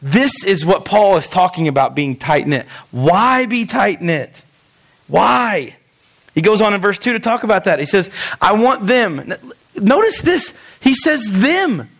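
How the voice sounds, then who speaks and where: Man preaching, high-pitched voice, animated and conversational, lots of stammered restarts. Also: measured pace, creaky. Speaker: pastor. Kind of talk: sermon.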